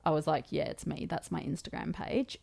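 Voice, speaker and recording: This thirtysomething Australian vlogger has a deep, slightly mellow voice with vocal fry, and she speaks fairly quickly. Chatting casually to the camera, she tells a story full of fillers and quotes from other people.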